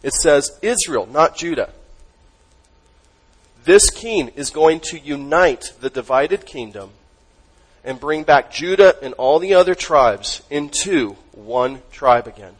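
A man preaching a sermon as pastor, emphatic, asking the congregation questions and dropping his voice low on key words. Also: animated, slow pace, husky, poor audio.

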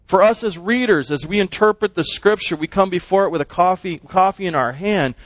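Man, high voice, Bible class teacher, animated, questions the class, dry close sound. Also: a little fast, no echo.

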